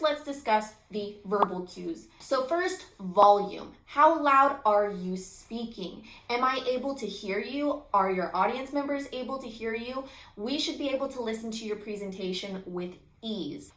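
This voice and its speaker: A woman instructor giving a recorded lecture, energetic and emphatic with an expressive voice. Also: a little high. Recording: echoey room.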